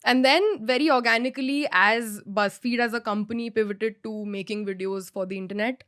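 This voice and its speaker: A woman's voice: fairly high pitch, fairly even intonation, fairly quick, fairly bright tone, dry recording, clean studio sound. A young woman from India, a podcast guest, talking casually with self-deprecating humor and frequent laughter.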